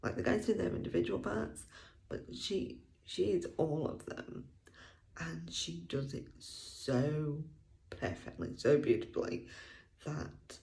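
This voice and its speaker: A woman's voice: sits low, expressive, slow, gravelly, warm tone. A woman giving a casual audiobook review vlog, chatty and enthusiastic, laughing often and sometimes dropping to a near whisper. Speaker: book reviewer.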